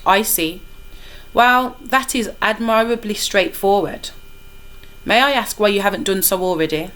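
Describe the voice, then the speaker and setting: A woman reading aloud as a stiff English gentleman who speaks with dry, formal irony. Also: mid-range voice, measured pace, natural voice, poor audio.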